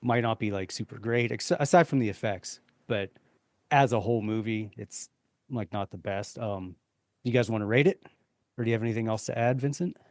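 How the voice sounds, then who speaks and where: A man's voice: on the low side, brisk, dry recording, studio quality. A man hosting a podcast in a casual chat, enthusiastic, swearing in passing, and steering the talk along. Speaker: podcast host.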